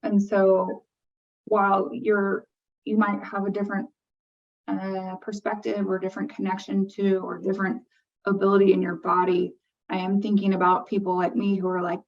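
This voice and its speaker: A woman's voice: mid-range voice, completely flat delivery, moderate pace. A woman hosting a podcast, speaking in a reflective, earnest conversational way. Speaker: podcast host. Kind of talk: conversational interview. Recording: distant, muffled lo-fi audio.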